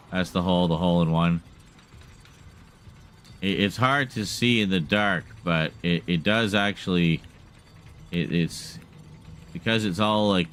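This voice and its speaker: A man's voice: deep voice, a bit bright, a little hiss or hum. A man giving casual, chatty live commentary as he streams a horror game, wry and laughing at himself, with light swearing. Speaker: gaming streamer.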